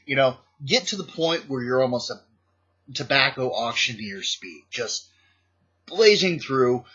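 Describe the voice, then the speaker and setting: A man telling playful stories in a casual vlog about his teaching days, animated and a little halting, with frequent restarts. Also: medium pitch, husky, muffled recording. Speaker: vlogger, former teacher in Japan.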